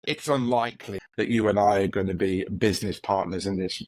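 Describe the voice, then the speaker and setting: A man's voice: lowish voice, steady tone, quick pace, a little mellow, no room sound, poor audio. A man with a British accent, co-hosting a casual conversation and using dry humor with mock dialogues. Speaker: podcast co-host.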